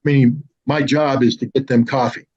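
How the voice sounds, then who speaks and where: Husky animated American man in his 60s. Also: medium pitch, normal speed. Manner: animated, with lively mimicry of others. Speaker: show host telling a personal story. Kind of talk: casual storytelling monologue. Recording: slightly dull lo-fi sound.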